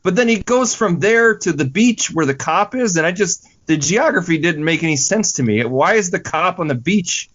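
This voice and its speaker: A man's voice: high-pitched, expressive, normal speed, hardly any pauses, a bit bright. Inquisitive man steering a podcast chat. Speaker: podcast host. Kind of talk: casual chat.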